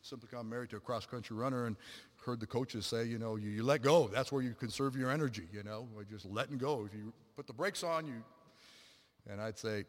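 A middle-aged man preaching a sermon, animated, acting out quotes and swinging between loud and hushed passages. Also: mid-range voice, a little fast. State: a little out of breath. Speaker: pastor. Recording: long hall reverb.

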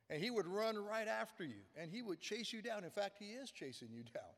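A man's voice: high-pitched, very animated, moderate pace, a bit bright, big-room sound. A man preaching a sermon as pastor, earnest and emphatic, often repeating words for stress.

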